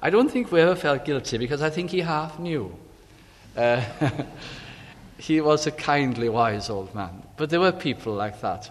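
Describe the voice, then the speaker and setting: Preacher in a reverberant hall. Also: male voice, mid-range voice. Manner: reads scripture aloud then retells it conversationally. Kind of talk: sermon.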